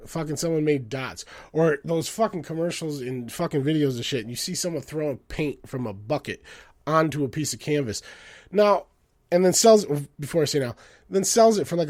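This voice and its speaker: A man hosting a show, ranting in a profane comedic way and swinging between loud outbursts and low mutters. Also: no echo, studio quality. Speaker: podcast host.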